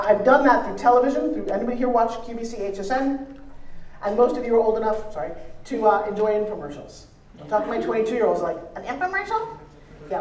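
Woman speaker on stage, roomy and distant. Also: medium pitch. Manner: energetic, joking, audience-engaging. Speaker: motivational speaker teaching pitching. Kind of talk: live seminar speech to an audience. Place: large event hall on stage. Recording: roomy hall sound from a distance.

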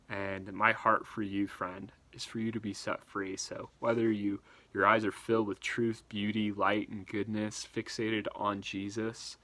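A man preaching a devotional sermon, earnest and urging, slowing down and dropping almost to a whisper on key words. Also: on the low side, a bit bright. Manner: earnest, urging, slows for emphasis.

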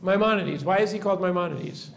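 Fast, gravelly, and high-pitched, a male rabbi gives a classroom lecture. He breaks things down step by step, quizzes his students, and keeps asking "right?" after nearly each point.

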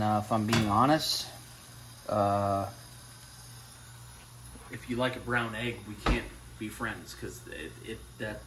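A man with a mid-range voice hosts a casual home cooking demo, talking loosely and cursing while he hypes up the food in his kitchen. The recording is roomy, with a distant mic and a noisy background.

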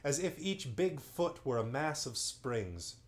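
Brief: male bedtime storyteller, medium pitch, unhurried and expressive. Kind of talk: reading a children's novel aloud on a livestream.

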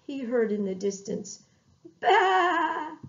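A woman reading a children's Bible story for Sunday school, expressive and drawn out, with bleated lamb sounds. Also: mid-range voice, slow. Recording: dull lo-fi recording.

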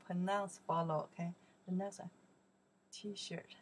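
Slow, breathy woman teacher. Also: lowish voice, steady tone. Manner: slow, repeats each word, swings up loudly on the Chinese words. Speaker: Chinese teacher. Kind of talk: vocabulary lesson.

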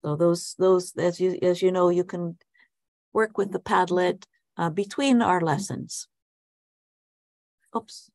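A woman's voice: on the low side, steady tone, slow, gravelly, pauses often, darkish tone, no room sound. A woman teaching an online English class over a video call, talking hesitantly with frequent ums and restarts while asking students friendly questions. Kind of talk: casual online class talk.

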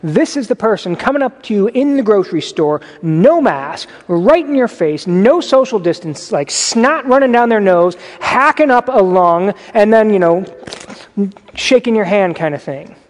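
A man delivers a sermon in a loose, conversational style and breaks into lively asides. His voice sits high for a man. It rings through a church hall with a long reverb tail. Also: normal speed. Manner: conversational preaching with animated asides. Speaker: pastor. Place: church sanctuary.

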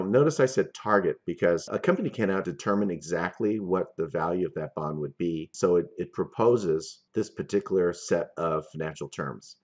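A man with a very low voice lectures on finance and walks through each example step by step. The recording sounds dull and lo-fi. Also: a little mellow. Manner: methodical, explains step by step with worked examples.

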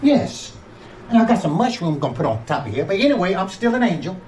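A man's voice: sits high, sing-song, quick pace, a little mellow, a little hiss or hum. Folksy older man hosting a cooking vlog. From Georgia, USA. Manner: folksy, playful, talks straight to viewers. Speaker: home cook and channel host.

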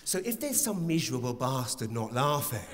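A man doing a stand-up set, animated and profane, acting out bits of dialogue. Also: mid-range voice, moderate pace. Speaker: stand-up comedian. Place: large theatre stage with a live audience. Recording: theatre reverb with faint crowd noise.

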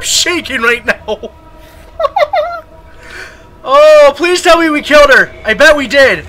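A young man commentating a horror game, hoarse from screaming, who yells and swears at scares and mutters between them. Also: very high-pitched, expressive, takes it slowly, pauses often, background noise. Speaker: gaming video host.

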